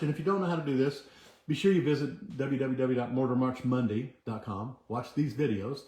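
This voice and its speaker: A man's voice: medium pitch, dark tone. A man hosting a motivational livestream, earnestly coaching viewers and urging them to chant affirmations with him. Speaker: host. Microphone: camera mic, moves back from it. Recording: echoey room.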